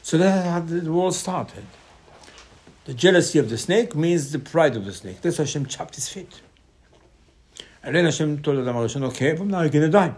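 A man in gives a Torah sermon, telling stories with sudden loud bursts and hushed asides. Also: a little high, lively intonation, moderate pace. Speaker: rabbi teaching Torah.

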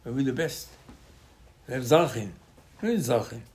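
A man's voice: mid-range voice, lively intonation, normal speed, darkish tone. A man, a rabbi giving an informal Torah class in choppy English with lots of repetition. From Israel. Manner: choppy non-native English with many repetitions.

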